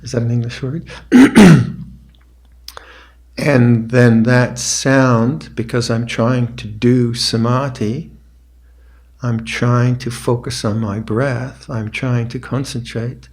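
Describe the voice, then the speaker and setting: An older man teaching meditation on a retreat. He speaks in a measured, mid-pitched voice, taking his time, with pauses and restarts as he works through his thoughts. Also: fairly even intonation, gravelly, a little mellow. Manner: slow, reflective, with pauses and restarts. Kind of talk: dharma talk with meditation instructions.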